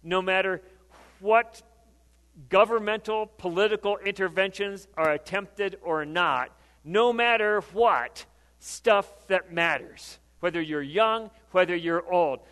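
A man's voice: high-pitched, takes it slowly, fairly bright tone. A male pastor preaching a sermon, conversational, often asking the congregation questions. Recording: long hall reverb.

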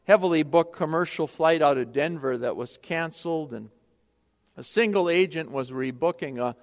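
Brief: male preacher, high voice, impassioned sermon that swings loud to hushed, long church reverb. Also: normal speed.

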